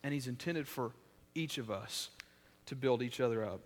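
A man preaching a sermon in a casual, conversational way, with many restarts, swinging between loud emphasis and quiet, intimate stretches. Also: medium pitch, moderate pace, big-room sound. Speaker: pastor.

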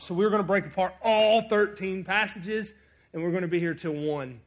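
A man preaching a sermon, reading scripture aloud and swinging between loud emphasis and quiet asides. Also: sits high, normal speed. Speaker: pastor.

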